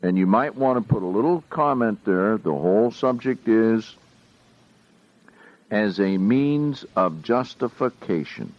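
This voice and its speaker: A man's voice: on the low side, animated. A man teaching a Bible study verse by verse, often putting questions to his listeners. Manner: slow and questioning, asks the audience often. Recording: dull lo-fi recording.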